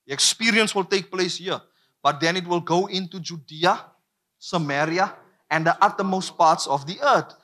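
A man's voice: sits high, normal speed, sharp tone. A man preaching a sermon, emphatic and repetitive, drawing call-and-response from the congregation.

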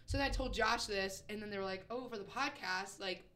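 A woman comedian co-hosting a podcast, telling an animated story in casual chat and laughing as she goes. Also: mid-range voice, fairly quick.

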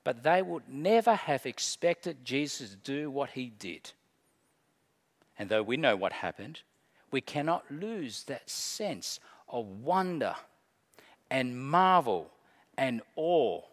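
A man preaching a sermon with expressive delivery, acting out desperate cries in the story. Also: mid-range voice, slow pace. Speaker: pastor. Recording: long church reverb.

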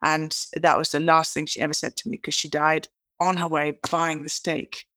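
A woman's voice: low-pitched, moderate pace, dry recording. A woman with a British accent, a guest author in an interview, telling chatty anecdotes and acting out quoted lines. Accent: British English. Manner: animated storyteller who acts out quoted lines; chatty, restarts and repeats words. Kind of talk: interview conversation.

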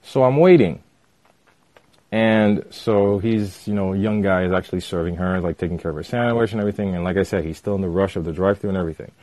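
A man casually telling a personal story with animated retelling and lots of fillers. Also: low voice, quick pace, dry recording.

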